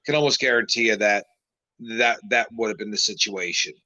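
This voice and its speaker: A man hosts a casual talk show and gives his opinion, saying "you know" again and again. His voice sounds bright and forward. The recording is dry and a little dull. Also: fairly low pitch, moderate pace, no echo. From Western New York, US. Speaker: host.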